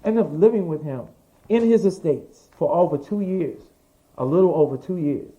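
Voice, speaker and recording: A man from New York spins a long story in a casual interview, animated, swearing freely and mimicking the people in it. His voice sits fairly high yet sounds warm and mellow. The audio is dull and lo-fi. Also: moderate pace. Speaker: interview guest, fashion designer.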